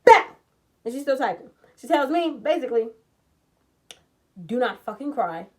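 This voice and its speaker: A woman's voice: on the high side, normal speed. A young woman with a slightly raised voice tells a personal story straight to the camera. She is heated and profane, and she acts out everyone's lines as she goes. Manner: heated, profane, animated storytelling with quoted dialogue. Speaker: vlogger telling a personal story. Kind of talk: casual storytime vlog.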